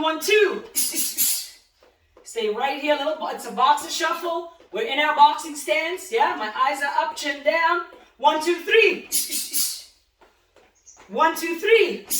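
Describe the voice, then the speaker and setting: A woman boxing instructor with a high voice calls out punches and cheers on her class, a little out of breath from the work. She sounds set back from the mic, in an echoey room. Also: a bit bright, recorded from a distance. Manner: calls out punch combinations, encouraging. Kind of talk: live workout class coaching.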